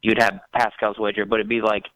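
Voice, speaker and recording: A male caller with a lowish, bright, forward voice and a dry sound with no room echo. He talks haltingly, restarting and repeating words as he works out his question. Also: flat delivery, lo-fi sound. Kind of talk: call-in conversation.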